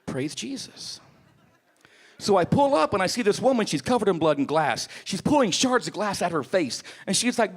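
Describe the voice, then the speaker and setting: Male comedian, mid-high voice that swings widely, crude storyteller at a club mic. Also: normal speed. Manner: profane, animated storytelling. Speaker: stand-up comedian. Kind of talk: stand-up comedy set.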